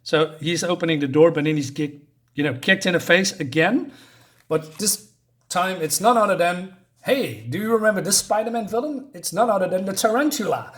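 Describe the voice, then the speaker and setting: A man's voice: high-pitched, expressive, moderate pace. A man casually reviewing a comic book, chatty and chuckling at his own jokes, with lots of fillers.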